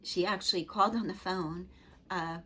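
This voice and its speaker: A middle-aged woman and Reiki master telling personal stories to camera in an earnest, gentle, chatty way. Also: on the low side, steady tone, moderate pace. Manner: earnest, gentle, chatty with frequent "you know". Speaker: Reiki master and spiritual teacher.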